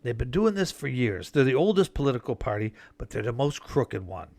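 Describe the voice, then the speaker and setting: A man's voice: medium pitch, sing-song, fairly quick, darkish tone, a little hiss or hum. A man delivering an emphatic, rambling political monologue with sarcastic asides. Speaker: political commentator.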